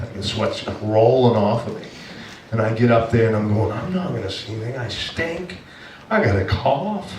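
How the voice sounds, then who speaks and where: A male pastor telling a personal story in a sermon, animated and emotional, with many restarts. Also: on the low side, distant mic, slight background noise. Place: church sanctuary. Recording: echoey church room from afar.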